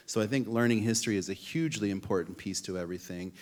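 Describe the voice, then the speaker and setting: A man's voice: lowish voice, fast. A man in his fifties, a chef speaking earnestly as a panel guest on an auditorium stage. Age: 50s. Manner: earnest, uses "you know" often. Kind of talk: panel conversation.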